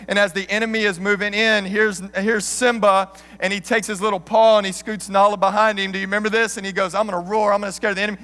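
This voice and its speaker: A man in his thirties preaching a sermon as an animated, joking storyteller. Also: high voice, smooth. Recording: long hall reverb.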